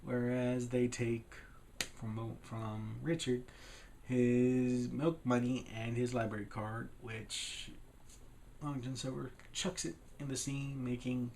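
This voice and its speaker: A man's voice: mid-range voice, little pitch movement, slow, a little mellow, a little hiss or hum. A man giving a casual, rambling recap of a film's plot as a reviewer, slipping loosely into the characters' lines as he goes. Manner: rambling, retells scenes with loosely acted quotes. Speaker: film reviewer.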